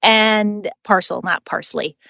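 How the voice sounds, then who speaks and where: A woman's voice: medium pitch, creaky, bright, forceful tone, no room sound. A woman author and dog trainer, a guest on a podcast interview, talking in an enthusiastic, chatty way. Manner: enthusiastic, chatty, quick to laugh.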